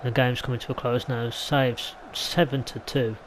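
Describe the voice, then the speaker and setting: An English gaming YouTuber commentates his own football video game play in a casual, chatty way, rambling off into mild asides. His mid-range voice has little pitch movement and a normal speed. The low-quality recording carries a little hiss or hum.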